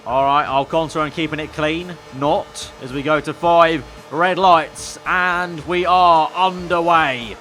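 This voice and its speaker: A chatty man commentating over his racing game, wry and quick with sarcastic jabs. His voice sits a touch above the usual male range, with faint music playing behind him. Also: fairly high pitch, fairly even intonation, pushed and bright. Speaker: gaming video creator.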